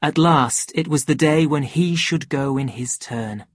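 A narrator reading a story aloud in a measured, steady way. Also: medium pitch, breathy edge, no echo, studio quality. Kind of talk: scripted narration of a graded reader.

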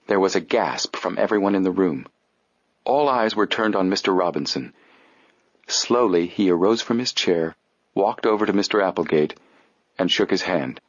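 A man reading an audiobook in steady, even scripted narration. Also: low-pitched, moderate pace, husky, no echo. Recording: dull dry studio audio.

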